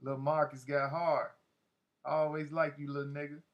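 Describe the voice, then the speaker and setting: A man's voice: a little high, level tone, moderate pace, muffled recording, natural voice. A man voicing a swaggering adult male gang leader who talks aggressively and curses in a storybook audiobook. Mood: menacing, scornful. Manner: aggressive, cursing, scolding.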